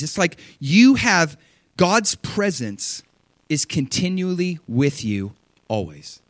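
A man's voice: high voice, slow pace, no room sound. A man preaching a sermon, reading scripture aloud and expounding on it with emphatic energy. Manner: animated, emphatic, reads scripture aloud and riffs on it.

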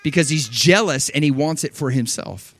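A man's voice: fairly high pitch, moderate pace. A man preaching a sermon, reading scripture aloud and expounding on it with emphatic energy. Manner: animated, emphatic, reads scripture aloud and riffs on it.

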